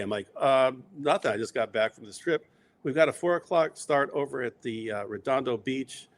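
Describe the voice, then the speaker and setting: A middle-aged man telling long, rambling stories in a relaxed interview, acting out quoted lines along the way. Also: medium pitch, moderate pace. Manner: rambling anecdotes with quoted asides. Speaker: interview guest. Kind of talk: casual storytelling.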